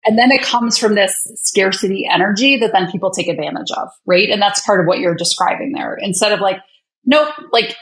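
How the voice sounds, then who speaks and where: A woman's voice: mid-range voice, low-quality recording. A woman guest on a podcast interview, talking thoughtfully about boundaries with a coach's choice of words. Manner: thoughtful, coaching-style phrasing. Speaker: author and guest. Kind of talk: reflective conversational interview.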